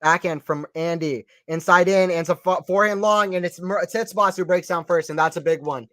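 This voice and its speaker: Excitable man calling tennis play-by-play. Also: high voice, a little fast, no room sound. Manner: excited, chatty, repeats phrases, reads out chat. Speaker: live stream commentator. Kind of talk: casual play-by-play tennis commentary.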